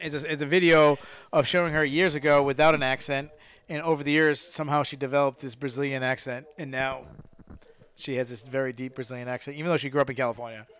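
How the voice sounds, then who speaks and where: A man hosting a casual fight podcast, talking into a studio mic with a clean, resonant voice that sits a bit high for a man. He rambles, doubling back over his own phrases as he chats with his co-hosts. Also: fairly even intonation, fast talker, fairly bright tone, clear, resonant tone. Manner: rambling, repeats and restarts phrases. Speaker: podcast host. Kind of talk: casual MMA commentary chat. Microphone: studio microphone.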